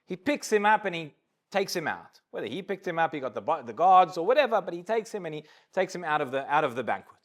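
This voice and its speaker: A man's voice: a little high, big pitch swings, fast talker. A rabbi teaching a Talmud class, explaining the story step by step and acting out the dialogue, often repeating little words as he starts a sentence. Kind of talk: Talmud lecture to a live class.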